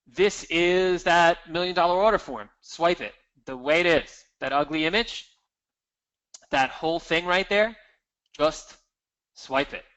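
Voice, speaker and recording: A man with a bright, forceful voice pitched a little high, presenting a marketing seminar. He talks in an energetic, emphatic, salesy way, pushing points home to the room. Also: unhurried, clean tone, rough recording. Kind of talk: seminar talk with slides.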